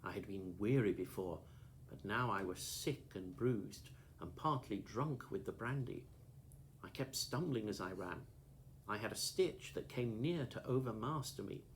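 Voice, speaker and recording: A man reading a classic novel aloud as an audiobook, in a steady, measured first-person storytelling manner. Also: on the low side, slight background noise. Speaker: audiobook narrator.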